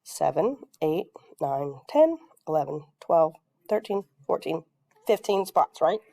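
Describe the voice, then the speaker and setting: A woman teaches a math lesson to a class, speaking patiently, pausing often to ask the class questions, while her throat keeps catching with coughs. Her voice sits low and is gravelly and warm, with big pitch swings and a measured pace.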